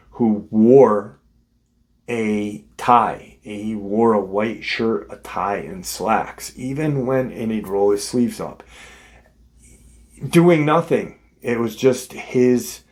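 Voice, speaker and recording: Male host, low voice, unhurried, off-the-cuff storytelling full of ums and restarts. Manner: unscripted, many ums and restarts. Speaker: host of a paranormal encounter channel. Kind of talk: casual spoken retelling of a listener's story.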